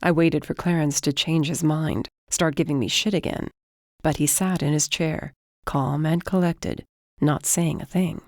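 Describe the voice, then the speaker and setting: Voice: medium pitch, steady tone, a little slow, darkish tone, no room sound. Dry, close audiobook narration. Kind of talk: first-person audiobook narration.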